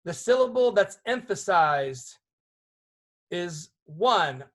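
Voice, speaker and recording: A man teaching a songwriting seminar in a conversational way, often checking in with his audience with quick questions. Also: high-pitched, expressive, fairly bright tone.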